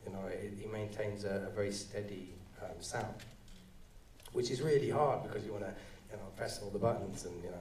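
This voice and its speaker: Man, actor at live Q&A, rambling restarts, low dark voice, echoey hall, heard from off-mic. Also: steady tone, far from the mic, slight background noise. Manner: halting, rambling, many restarts. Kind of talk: live audience Q&A. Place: cinema auditorium. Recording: roomy hall sound, voice from off-mic.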